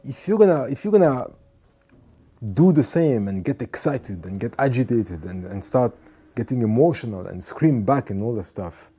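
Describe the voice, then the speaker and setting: A man's voice: medium pitch, animated, normal speed, breathy edge, soft background music. A man giving an earnest motivational talk, repeating his points and now and then acting out angry people. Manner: earnest, repeats phrases, acts out shouting people. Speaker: motivational speaker.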